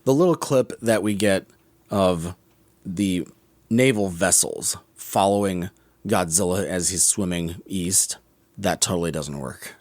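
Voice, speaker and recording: Deep-voiced and a little mellow, a man speaks at a measured pace on a dry recording. He's co-hosting a podcast, musing critically over a movie's scenes in a casual discussion and often revising what he says mid-sentence.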